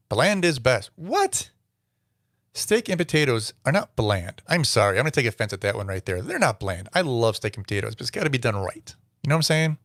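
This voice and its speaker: A man's voice: mid-range voice, fairly bright tone, dry recording, clean studio sound. A man hosting his own commentary vlog, reading text aloud and answering it with sarcastic, incredulous asides. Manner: sarcastic, incredulous asides between read-out quotes. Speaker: show host.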